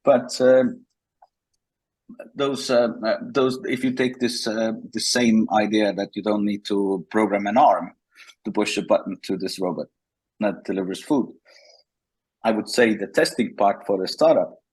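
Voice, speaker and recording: A man, a guest in a casual interview, telling animated stories with frequent restarts. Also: on the low side, a little slow, slightly rough, poor audio.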